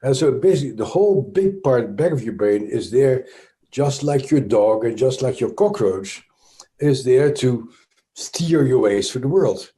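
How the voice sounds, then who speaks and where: A man's voice: medium pitch, animated, a little slow, mellow. A man with a Dutch accent, a trauma expert speaking as an interview guest, explaining thoughtfully with frequent restarts and fillers.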